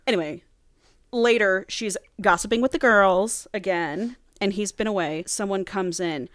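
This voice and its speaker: A woman's voice: medium pitch, dry recording. Woman cohost gushing thru a book recap, acts out all the lines, dry mic. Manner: animated retelling, quick voiced quotes of characters. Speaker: podcast co-host. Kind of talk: casual book recap chat.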